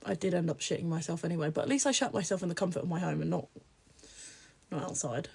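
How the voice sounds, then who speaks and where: A woman's voice: on the low side, fast, creaky, a little mellow, a little hiss or hum. A young woman chats with her viewers on a livestream. Her talk is casual, blunt and openly crude, and she laughs often as she goes. She keeps it loose and unfiltered.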